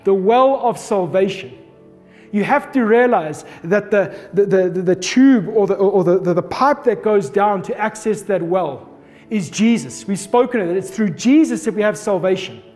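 A man in his thirties preaching a sermon, telling a personal story with animated delivery and acting out his own shouts. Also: high voice, normal speed. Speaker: pastor. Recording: long reverb of a hall, faint music behind.

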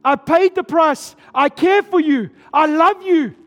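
A man's voice: extremely high pitch, dull audio. A man preaching, speaking as Jesus who tenderly begs a listener to come and trust him. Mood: tender pleading. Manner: tender, pleading, slow. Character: gentle pleading Jesus calling a man to come. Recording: hall reverb with soft music.

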